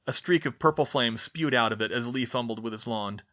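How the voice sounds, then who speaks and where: A man narrating a fan fiction audiobook in a lively, expressive reading. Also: medium pitch, fairly quick, few pauses. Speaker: audiobook reader.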